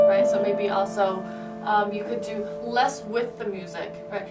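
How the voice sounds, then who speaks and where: A woman's voice: medium pitch, fairly even intonation, measured pace. A woman teaching a piano lesson, patient and encouraging, often checking in with "right?" and "okay". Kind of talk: private music lesson. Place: room with a piano. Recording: roomy, distant, piano playing.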